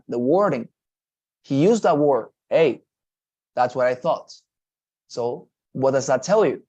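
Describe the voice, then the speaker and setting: A man's voice: medium pitch, a little mellow. A man teaching test prep, repeating points and checking in with his students as he goes. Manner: repetitive, checks in with "okay?" and "right?". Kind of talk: online class explanation.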